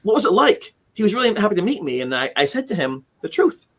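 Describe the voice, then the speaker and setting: With a high, fairly bright voice, big swings in pitch and a fast delivery, a man in his forties serves as the guest on a casual live-stream interview. He wrote a haunting memoir and recounts his story earnestly, rambling with many restarts. He's speaking over video from a keepsake-filled room at home.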